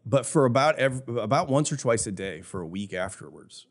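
A man's voice: mid-range voice, animated, moderate pace. A man in his fifties who owns a jewelry store, talking earnestly and reflectively in a casual podcast conversation. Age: 50s. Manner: earnest, reflective, emotional at times.

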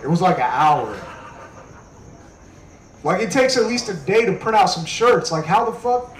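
A man performing a stand-up comedy set on a club stage, telling jokes in a conversational way with deadpan punchlines. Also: sits high, normal speed, reverberant, rough recording.

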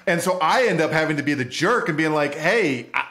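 A man's voice: on the high side, lively intonation, fast talker, fairly bright tone. A man hosting a podcast, chiming in with his own side of the story in casual chat. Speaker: podcast host.

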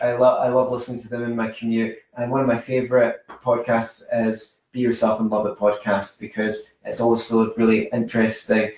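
A man's voice: medium pitch, darkish tone. A man coaching on social skills in a chatty, rambling way, telling anecdotes and correcting himself as he goes. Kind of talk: informal teaching monologue. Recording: very echoey room, mic far off.

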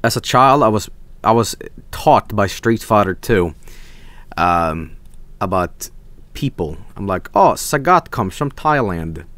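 A young man with a Swedish accent streaming a geography guessing game, thinking aloud, swearing and breaking into excited yelps. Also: lowish voice, slow pace, no echo. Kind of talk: casual gameplay commentary.

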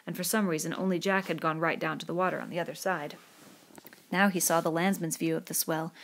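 A woman narrating a novel in a steady, measured voice. Her voice sits fairly low and has a gravelly, creaky texture. The reading is calm and descriptive. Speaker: audiobook reader. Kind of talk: scripted narration.

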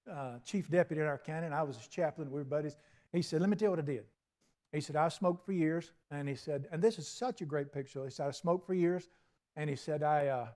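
An older man delivering a sermon in a drawl. His voice sits fairly high. He preaches in a folksy, storytelling way, acting out little conversations and moving between hushed and booming. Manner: folksy preaching with acted-out dialogue and big swings in loudness. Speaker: pastor.

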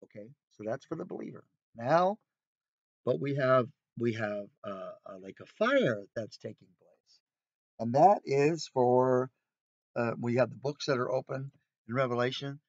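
A man with a mid-range, animated voice speaks a little slowly as he leads an informal Bible study inside an RV, talking conversationally with rhetorical questions and emphatic asides. It's a casual sermon, recorded dry and dull with lo-fi quality and no echo.

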